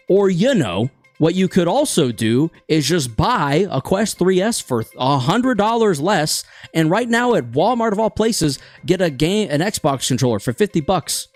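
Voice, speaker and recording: A man's voice: on the high side, no echo. A man hosting a casual gaming chat show, rambling and opinionated, stumbling over words now and then.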